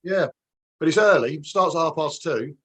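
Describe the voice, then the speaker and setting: A hesitant British man rambles a little as he co-hosts a casual chat. His voice is slightly higher than most men's. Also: normal speed, slightly rough. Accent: British English. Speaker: co-host.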